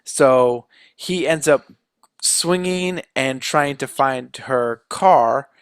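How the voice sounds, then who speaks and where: Young male podcast co-host, chatty recap, quick character quotes, dry close-mic sound. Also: mid-range voice, clear, resonant tone, no echo. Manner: retells scenes with quick quoted voices. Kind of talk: casual recap.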